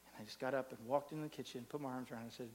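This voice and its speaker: A man preaching a sermon to a live congregation, swinging between loud, drawn-out preaching and soft, close talk, and leading the room in call-and-response. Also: mid-range voice, fairly even intonation, a little hiss or hum. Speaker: pastor. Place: church in front of a live congregation.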